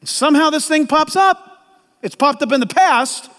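A man preaching a sermon as a pastor, animated and acting out voices in the quotes. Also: very high-pitched, moderate pace, long reverb tail.

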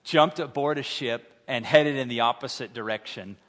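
A man preaching a sermon in a church, animated and humorous, acting out little scenes. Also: mid-range voice, moderate pace, long reverb tail. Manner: animated, humorous, acts out voices. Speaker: pastor. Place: church sanctuary.

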